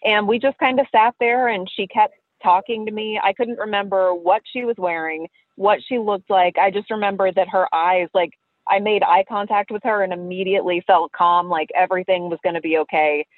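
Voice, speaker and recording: A woman's voice: mid-range voice, steady tone, moderate pace, dry recording. A woman calling in to a podcast, telling a story casually and animatedly, laughing often. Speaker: listener caller. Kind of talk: casual storytelling over the phone. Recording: tinny phone line, dry.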